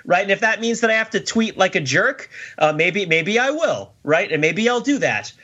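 A man's voice: high-pitched, sing-song, moderate pace, pushed and bright, muffled recording. A man on a podcast panel, talking emphatically and tagging his points with "right?", who says he is losing his voice. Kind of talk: casual podcast discussion.

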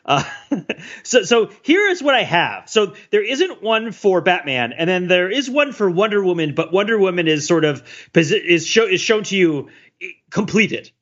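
Guy with a bright sharp voice, kinda dull lo-fi sound, joking through his notes. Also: high-pitched, very animated, moderate pace. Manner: jokey, talks through a prepared list. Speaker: podcast co-host. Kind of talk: casual chat.

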